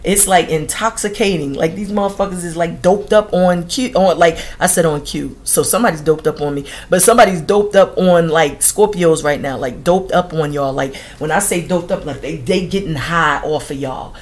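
A woman reads tarot for her viewers in a loose, slangy way. She swears freely and laughs often, and her voice sits a little low for a woman. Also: moderate pace, few pauses. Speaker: tarot reader. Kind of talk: casual astrology reading monologue.

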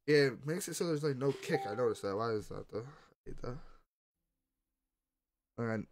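A young man chatting casually while gaming, excitable, swearing a lot and laughing often. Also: medium pitch, moderate pace. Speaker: gamer streamer.

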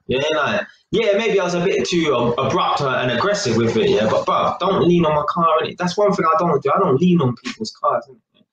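A man's voice: fairly high pitch, lively intonation, a little fast, muffled recording, a crowd in the background. A young man with a London accent, telling a street story to camera in casual, slangy chat full of "innit" and "yeah". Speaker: vlogger. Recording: echoey room with faint noise.

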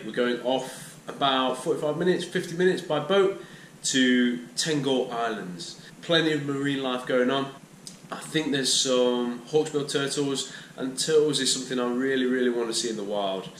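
A man talks through a travel vlog in a wry, casual way. His voice sits at an ordinary middle pitch. Clear ambient noise from the resort runs underneath. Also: fairly bright tone. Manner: wry, chatty food-tasting asides. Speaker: travel vlogger. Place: tropical beach resort.

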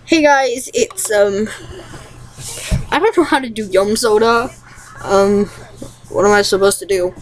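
A woman's voice: mid-range voice, measured pace, long pauses, poor audio. A young woman vlogging an impression challenge, giggly and self-mocking, rambling between tries.

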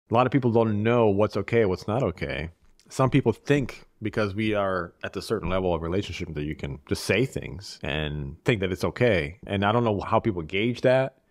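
Recorded dry and at studio quality, a man from Eastern Europe talks on a podcast in a voice on the low side. His manner is casual and reflective, measured, with frequent restarts of his phrases as he thinks.

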